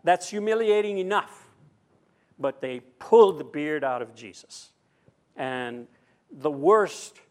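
Slow-speaking male preacher, fairly high voice. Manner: slow, deliberate reading that turns into lively, emphatic preaching. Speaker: pastor. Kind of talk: sermon with scripture reading and commentary.

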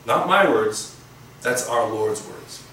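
A man's voice: medium pitch, animated, bright, forceful tone, slight background noise. Male pastor, casual searching sermon delivery, recorded far from the mic in a reverberant hall. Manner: conversational preaching with pauses and restarts. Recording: echoey room from far off.

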